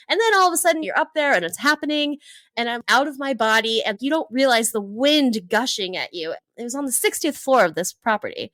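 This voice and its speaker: A woman from Hawaii, in her thirties, telling travel stories in a casual interview, lively and laughing often. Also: on the high side, a little fast, no echo. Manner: animated, laughs often, acts out her own past thoughts. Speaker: travel entrepreneur guest.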